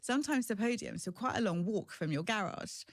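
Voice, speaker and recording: A woman's voice: medium pitch, lively intonation, fairly quick, no room sound. A woman in her forties speaking as an interview guest, frank, chatty and self-deprecating. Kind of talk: candid conversational storytelling.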